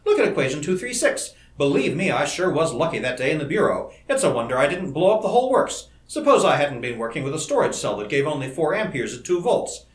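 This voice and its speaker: Eager young male inventor, man reading the part, animated delivery, echoey room. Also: a little high. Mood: excited. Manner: eager, rapid enthusiasm. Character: bright, excitable young male scientist. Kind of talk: audiobook character reading. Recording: roomy echo.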